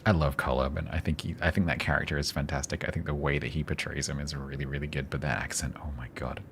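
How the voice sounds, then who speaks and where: A man's voice: extremely low pitch, little pitch movement, quick pace, noisy background. A man with a London accent, chatting casually with viewers and reacting sarcastically while streaming a game. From London, England. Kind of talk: casual live gaming stream chat.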